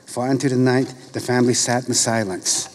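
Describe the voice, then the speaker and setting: A middle-aged man reading a story aloud in a slow, measured, solemn way. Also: mid-range voice, little pitch movement.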